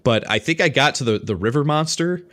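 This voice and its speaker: A man co-hosting a podcast, chatting in a relaxed, casual way. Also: medium pitch, a little fast. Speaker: podcast co-host. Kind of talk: casual chat.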